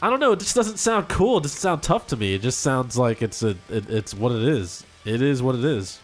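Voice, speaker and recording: A man's voice: medium pitch, lively intonation, a little fast, faint music behind. A man hosting a podcast, chatting casually with a nasal, stuffed-up voice from a cold, rambling and self-deprecating. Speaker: podcast host. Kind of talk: casual chat.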